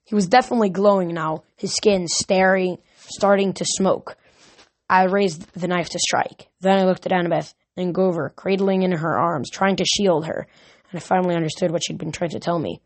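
A woman's voice: fairly low pitch, fairly even intonation, moderate pace. A woman reading a novel aloud earnestly, now and then stumbling and correcting a word. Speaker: reader.

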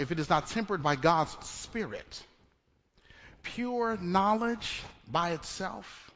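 A man's voice: a little high, fairly bright tone. A man preaching a sermon to his congregation, talking in a conversational way, often repeating words and asking rhetorical questions. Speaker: pastor. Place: church sanctuary. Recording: dull echoey church recording.

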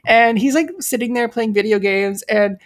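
A woman's voice: fairly high pitch, moderate pace. A woman in a candid podcast chat, telling stories in a rambling way full of fillers.

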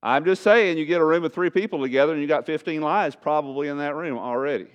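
Speaking quickly and smoothly, a man preaches in a church sanctuary, stressing his points and returning to his key phrases again and again. It's a dull, low-fidelity church recording.

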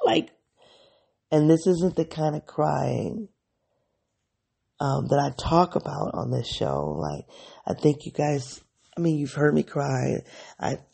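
A solo podcast host talks through their own feelings in a candid, self-analyzing diary style. The voice is gravelly and husky, with a dark, mellow tone, and the thoughts come out as they form. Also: mid-range voice.

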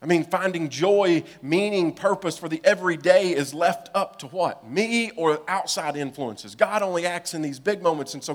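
Man, pastor, sermon, slightly high voice, dramatic hushed-to-loud delivery, acts out dialogue. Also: normal speed, few pauses. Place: church sanctuary.

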